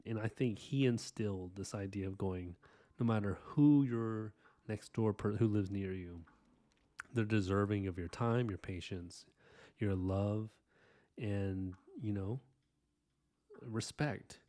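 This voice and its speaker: Low-voiced guy rambling on his art stream, earnest, lots of ums and soft asides. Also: takes it slowly. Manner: earnest, rambling, warm-hearted thanks to viewers; frequent fillers and soft asides. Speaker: live-stream artist host. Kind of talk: casual live-stream chat while inking.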